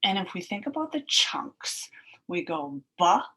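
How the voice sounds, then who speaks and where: A woman teacher giving a recorded phonics lesson for young children, slowly sounding out word chunks in a sing-song way. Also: lowish voice, very animated, background noise. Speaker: elementary school teacher.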